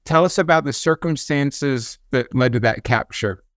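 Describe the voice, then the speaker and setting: Male podcast host, smooth resonant voice, dry studio sound. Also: mid-range voice, normal speed, no room sound. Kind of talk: interview hosting.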